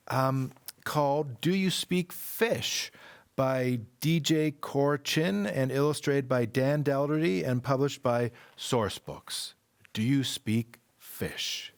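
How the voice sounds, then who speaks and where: Man, storyteller, slow and deliberate, lively pitch, children's story in worship. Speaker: worship leader. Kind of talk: reading a children's story aloud.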